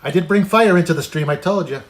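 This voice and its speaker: Man, fairly high voice, casual live-stream host chatting with viewers while cooking. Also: fast talker. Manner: chatty, greets viewers by name while eating.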